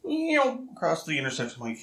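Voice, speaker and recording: A man's voice: on the high side, huge pitch swings, fast talker, fairly bright tone, reverberant, slight background noise. A man co-hosting a casual podcast, speaking in a matter-of-fact, opinionated way. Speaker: podcast co-host. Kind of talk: casual chat.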